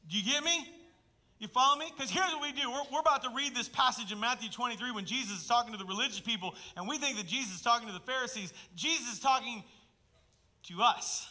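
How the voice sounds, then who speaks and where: Bright, forceful preaching pastor. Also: male voice, very high-pitched, fast talker. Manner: emphatic preaching with sudden loud bursts and hushed asides. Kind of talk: sermon.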